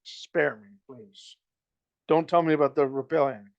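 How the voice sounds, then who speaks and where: A man voicing a cocky, gruff smuggler who teases and scolds in a storybook reading. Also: on the high side, fairly even intonation, unhurried, muffled recording. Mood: teasing. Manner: gruff, stern, teasing. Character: cocky roguish male smuggler, gruff and teasing.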